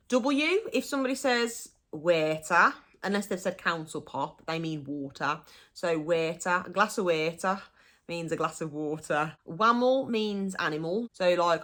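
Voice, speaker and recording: Woman with a Black Country accent, young adult, chatty and giggly, fairly low voice. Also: fairly bright tone. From Black Country, England. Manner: chatty, giggly, proud of her dialect. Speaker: vlogger. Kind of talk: casual explainer to camera.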